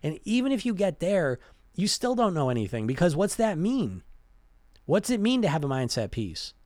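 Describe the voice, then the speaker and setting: A man's voice: sits high, sing-song, normal speed, a little mellow, no echo, studio quality. A man giving a casual motivational talk as a weight-loss coach, conversational, restarting and repeating words as he goes. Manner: conversational, keeps asking "right?" and "you know?".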